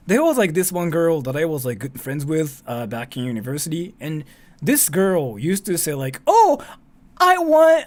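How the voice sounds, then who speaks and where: Chatty young man with a lively voice. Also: medium pitch. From Japan. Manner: chatty, rambling, heavy use of "like" and "freaking". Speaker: streamer answering donation questions. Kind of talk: casual livestream chat.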